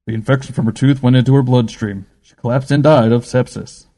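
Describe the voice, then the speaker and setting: A cold, impatient spirit guide, as a male narrator puts him on, lecturing loudly with clear disdain. The voice stays mellow and dark beneath its dismissive edge. It belongs to a spoken storybook reading. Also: mid-range voice, fairly even intonation, a little fast, in a large hall, lightly acted.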